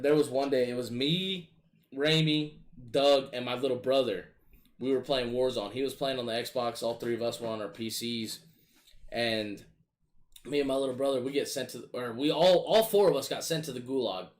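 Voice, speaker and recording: A man casually telling gaming stories in a profane, animated, exasperated way. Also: medium pitch, moderate pace. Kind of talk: casual storytelling chat.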